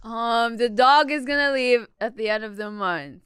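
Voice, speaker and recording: A woman's voice: a little high, normal speed, a bit bright, smooth, dry recording, clean studio sound. A woman from the Philippines giving shy, short replies as a guest in a casual podcast chat. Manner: shy, brief, giggly replies.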